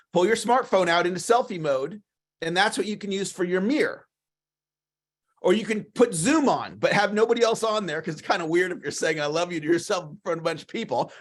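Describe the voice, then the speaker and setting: A man giving a motivational coaching talk on a livestream, enthusiastic and repetitive, often clearing his throat. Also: high voice. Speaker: sales coach.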